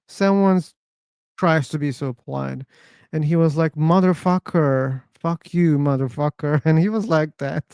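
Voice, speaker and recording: Male host of an online chat room; slow, rambling, mildly higher-pitched storyteller who laughs and swears. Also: dark tone, clean tone, no echo, studio quality. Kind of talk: casual chat.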